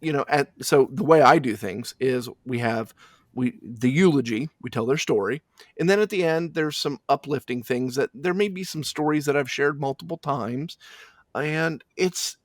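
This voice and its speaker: A man who works as a funeral director talks through his work slowly and thoughtfully, stopping and restarting his sentences. His voice sits at a middle pitch. The recording is dry and close, with no room sound. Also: dry recording. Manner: halting and reflective, with frequent restarts. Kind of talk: casual interview chat.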